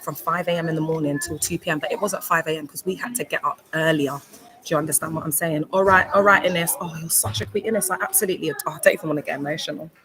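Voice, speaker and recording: A woman's voice: low voice, steady tone, quick pace, crowd noise, low-quality recording. A woman talking casually on a livestream from a hospital, emotional and rambling, greeting chat viewers by name. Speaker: livestreamer, cult survivor. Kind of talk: casual live-stream talk. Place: hospital room. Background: hospital background noise.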